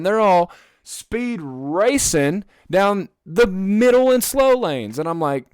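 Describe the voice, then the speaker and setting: A man's voice: on the high side, smooth, no echo. A young man hosting a podcast in casual chat, ranting and swearing as he tells stories at a close mic at home. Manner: ranting, profane, animated storytelling. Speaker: podcast host.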